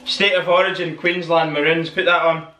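A man's voice: on the high side, flat delivery, moderate pace, pushed and bright. Man, enthusiastic unboxing host, exclaiming, echoey room, distant mic, noisy. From Northern Ireland. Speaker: channel host. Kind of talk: excited unboxing vlog.

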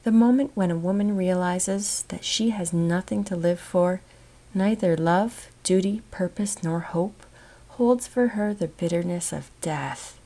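A woman narrating a classic novel in a measured, expressive reading that dips into soft whispers. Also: lowish voice. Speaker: audiobook narrator. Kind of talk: scripted narration.

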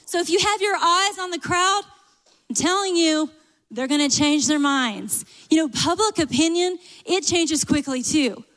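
A woman pastor with a Southern accent, preaching a sermon in an animated way, full of humorous asides. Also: very high voice, a little slow, in a large hall. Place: church sanctuary.

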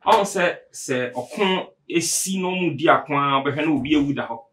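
A man's voice: a little high, moderate pace, a bit bright. A Ghanaian man, a panel guest, explaining politics at length and mixing in English terms. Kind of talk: political discussion.

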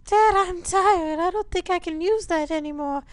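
A tiny, bright-voiced boy sidekick, upbeat and matter-of-fact. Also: very high voice, moderate pace, no room sound, pitched above the performer's own voice. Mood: chirpy. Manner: chirpy, cheerfully shrugging off injuries. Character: small young boy, the player's son, cheerful. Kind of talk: gameplay commentary.

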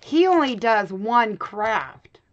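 A woman's voice: on the high side, big pitch swings, takes it slowly, dull audio. Chatty middle-aged woman in craft room. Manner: chatty, laughs often, talks to viewers by name. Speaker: craft channel host. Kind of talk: casual chat with live viewers.

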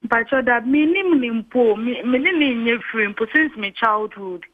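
A young Ghanaian woman in her twenties calling a radio show, speaking haltingly. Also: fairly high pitch, expressive. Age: 20s. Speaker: caller. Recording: tinny phone line.

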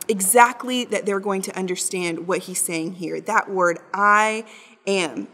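A woman's voice: mid-range voice, a bit bright. A woman teaching a Bible study in a conversational, explanatory way, with emphatic readings. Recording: long hall reverb.

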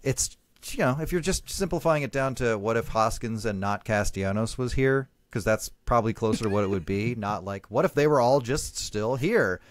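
A man's voice: mid-range voice, moderate pace, hardly any pauses, no echo. A man co-hosting a sports podcast in casual chat, with dry, wry humor. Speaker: podcast co-host.

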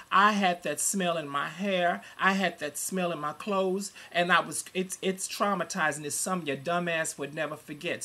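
A person in their forties giving an angry, profane webcam rant, swinging between loud outbursts and low muttering, talking into a computer at home. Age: 40s. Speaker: vlogger.

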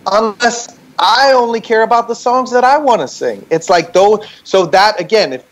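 A man's voice: sits high, normal speed. A man speaking as a podcast guest over a video call, telling a candid, reflective story and checking in with "right?" as he makes each point.

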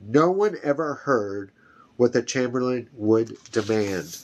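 A man's voice: mid-range voice, expressive, background noise. A man reading a fantasy novel aloud, carefully, often restarting a phrase. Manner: slow, careful, with frequent restarts. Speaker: reader.

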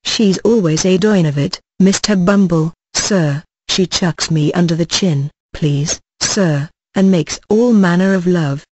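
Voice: medium pitch, measured pace, few pauses, a little mellow, no room sound, natural voice. A sulky young shop lad, a little drunk, whining and blubbering his excuses, as an audiobook reader puts him on. The voice is close and dry, told as a storybook scene. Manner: whiny, blubbering. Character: tipsy, sulky young male shop boy.

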